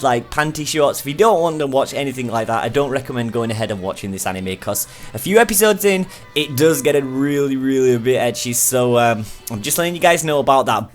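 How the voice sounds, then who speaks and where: Chatty young man reviewing anime. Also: on the high side. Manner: chatty and enthusiastic, many fillers. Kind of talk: casual video review.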